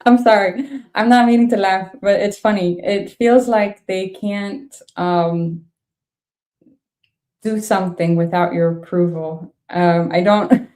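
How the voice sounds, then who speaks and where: Mellow-voiced woman reading tarot. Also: mid-range voice, fairly even intonation, slow. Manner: thinks aloud, laughs often, frank reactions. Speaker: tarot reader.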